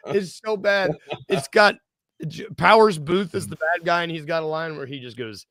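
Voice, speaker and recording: Man, podcast co-host, bright forceful voice, dry close sound, excitable, laughing. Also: on the high side, moderate pace, dry recording. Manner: excitable, laughing, quoting movie lines. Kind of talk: casual chat.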